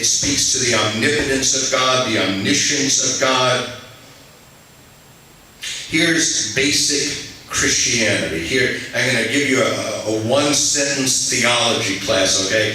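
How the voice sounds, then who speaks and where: A man's voice: mid-range voice, pushed and bright, a little hiss or hum. A male pastor preaching a sermon in a conversational way, now and then putting questions to the congregation. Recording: echoey hall, mic at a distance.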